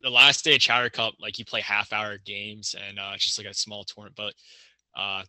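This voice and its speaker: Bright-voiced young man rambling casually. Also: lowish voice, fairly even intonation, a little fast, dry recording. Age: young adult. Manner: rambling, many fillers and restarts. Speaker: college hockey player guest. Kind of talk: casual podcast chat.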